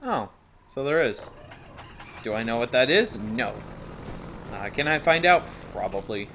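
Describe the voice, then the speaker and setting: A man talks his way through a video game at a middling pitch, rambling and playful and quick to laugh at himself. Game sound effects stay clearly audible under his voice the whole way through. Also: big pitch swings, fairly bright tone, slight background noise. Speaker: let's play host. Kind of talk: gameplay commentary.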